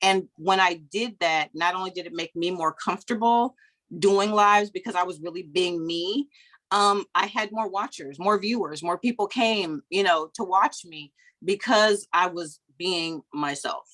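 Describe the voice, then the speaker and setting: Lively chatty woman coaching over a video call. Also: fairly low pitch, a little slow. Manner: lively, chatty, acts out anecdotes in quoted voices, laughs often. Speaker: business coach. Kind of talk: motivational coaching talk.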